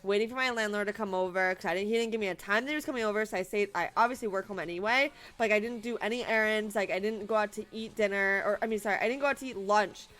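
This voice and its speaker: A woman's voice: medium pitch, quick pace, few pauses, fairly bright tone. A woman in her late twenties, a streamer telling viewers about her day in an emotional, rambling way, laughing through tears. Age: late 20s. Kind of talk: casual storytelling to viewers.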